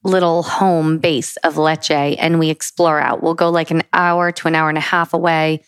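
Brief: middle-aged female co-host, somewhat low voice, easygoing and quick to laugh, dry close sound. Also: flat delivery, smooth, dry recording. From United States. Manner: laughs easily, steers the talk back on track. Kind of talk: casual travel chat.

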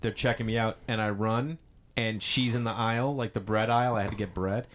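A man in his forties, a comedian chatting casually and telling animated stories, acting out quoted people. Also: lowish voice, brisk, slight background noise. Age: 40s. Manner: chatty storyteller, acts out quoted voices. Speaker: comedian podcast host. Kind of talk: casual chat.

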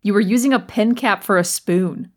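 A woman's voice: mid-range voice, normal speed, natural voice. A woman playing an exasperated, sarcastic young roommate in a comedy audio play. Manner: dry and sarcastic.

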